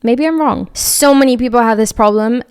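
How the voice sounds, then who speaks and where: A woman's voice: on the high side, normal speed, smooth, dry recording, studio quality. A young woman hosting a podcast, talking candidly in a casual chat with frequent fillers. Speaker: podcast host.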